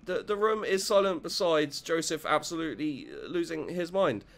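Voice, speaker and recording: A man doing gameplay commentary, excitable and joking, with frequent stammered restarts and casual swearing. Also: fairly high pitch, moderate pace. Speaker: let's play host. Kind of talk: gameplay commentary, reading dialogue aloud.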